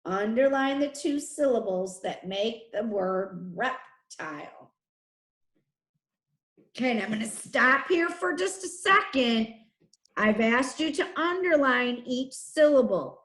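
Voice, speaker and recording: A woman teacher slowly dictating spelling words and sentences to her class, repeating each word deliberately. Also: a little high, fairly bright tone, echoey room.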